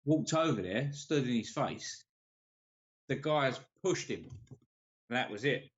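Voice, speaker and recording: A man from tells a pub-style fight story on a live stream, cursing freely and acting out each quoted line. His pitch sits at an ordinary middle level. The audio is dull and lo-fi. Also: animated, slow pace. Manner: swears freely, acts out quoted lines. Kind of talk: casual storytelling chat.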